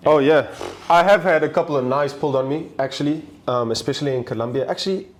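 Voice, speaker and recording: A man's voice: fairly high pitch, fast talker, slight background noise. A young South African man, a travel video maker, casually telling stories as an interview guest and acting out the voices of people in them. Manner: animated, acts out voices in his stories. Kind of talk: casual storytelling.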